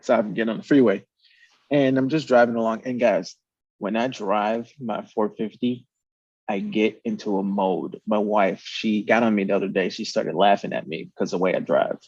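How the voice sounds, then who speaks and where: Brief: man, casual storyteller, lively, swears, dry lo-fi recording. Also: lowish voice, moderate pace, no echo. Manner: animated storyteller, swears, acts out quotes. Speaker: podcast host.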